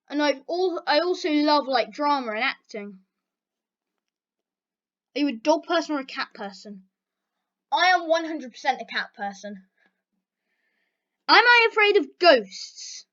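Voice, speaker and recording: A woman's voice: high voice, highs cut off. A woman vlogger answering questions in a casual, chatty way. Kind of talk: casual Q&A chat.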